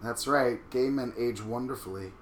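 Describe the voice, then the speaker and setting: A man's voice: mid-range voice, moderate pace, roomy sound, slight background noise. A man in his thirties from Long Island, with a Long Island accent, cracking crude, playful jokes in casual chat while he signs up for a website. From Long Island, New York. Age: 30s. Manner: crude, playful, campy wisecracks. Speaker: host signing up for a website.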